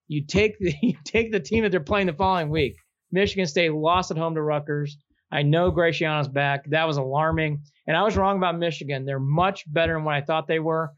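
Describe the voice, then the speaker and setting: Guy doing gambling picks, kinda high voice, teasing and fan-boyish, muffled lo-fi sound. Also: no room sound. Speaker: betting picks segment host. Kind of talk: casual sports betting banter.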